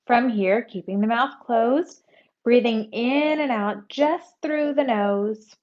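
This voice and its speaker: A woman teaching a yoga class, giving calm, conversational instructions and breathing cues. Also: fairly high pitch, slow, lo-fi sound.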